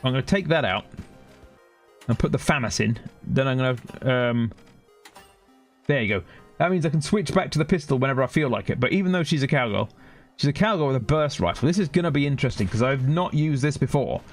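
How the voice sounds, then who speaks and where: A man's voice: medium pitch, animated, brisk, faint music behind. A man commenting casually on his gameplay as a streamer, chatty and sarcastic as he thinks aloud. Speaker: gaming streamer.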